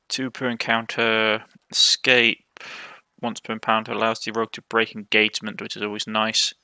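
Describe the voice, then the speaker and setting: A man's voice: fairly low pitch, gravelly, bright, forceful tone, smooth, no room sound. A man with a Cornish accent playing a game, reading its text aloud and commenting as he goes, often stumbling and correcting himself. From Cornwall, England. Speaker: let's play host.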